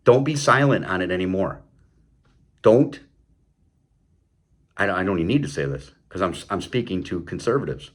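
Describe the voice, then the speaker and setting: A man's voice: low-pitched, lively intonation, normal speed, long pauses. A man hosting his own show, delivering an impassioned political commentary monologue, heated and stumbling over repeated words, with mocking sarcastic asides. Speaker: show host.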